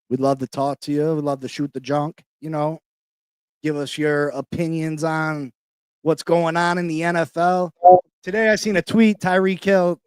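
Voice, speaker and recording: A man hosting a casual sports podcast, talking in hyped-up slang and shouting out people in the chat. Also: on the high side, smooth, no echo, studio quality. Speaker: podcast host. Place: New York.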